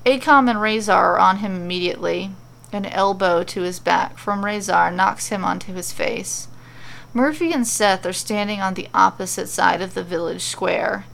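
A woman reading a fantasy story aloud as a podcast storyteller, with steady descriptive narration. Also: medium pitch, normal speed, creaky.

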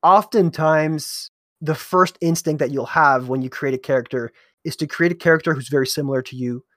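A game master chats casually, recounting a story from his tabletop role-playing table with a few hesitant restarts. His voice is on the high side, fairly quick and a bit bright, captured in clean studio quality with no echo.

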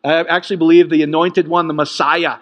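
A man preaching a sermon in an animated way, jumping from loud bursts to quiet asides. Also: a little fast, big-room sound. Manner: animated, swings from loud peaks to low asides.

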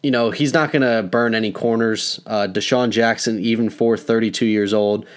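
A man's voice: on the low side, fairly even intonation, normal speed, smooth. Laid-back young man talking sports. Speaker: podcast co-host. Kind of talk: casual sports chat.

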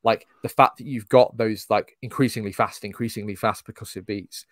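Man, casual film chat, lowish voice, dry close mic, sweary, rambling. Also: steady tone, brisk, fairly bright tone, no room sound. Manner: loose, swearing, hedging with "like".

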